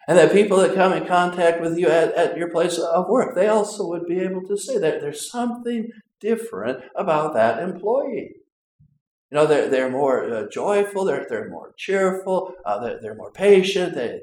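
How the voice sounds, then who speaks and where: Midwestern pastor preaching loosely, fond of "you know" and "right?", voice a bit high, caught in a roomy church. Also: male voice, expressive, moderate pace, darkish tone, a little hiss or hum. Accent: Upper Midwest American. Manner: conversational preaching with many fillers and tag questions. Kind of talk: sermon. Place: church sanctuary. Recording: echoey church with faint ambience.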